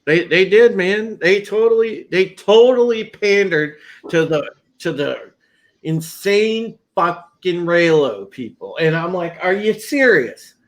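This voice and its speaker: A man's voice: high voice, lively intonation, takes it slowly. A man co-hosting a live movie review, blunt and profane as he agrees and complains. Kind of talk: heated live review chat.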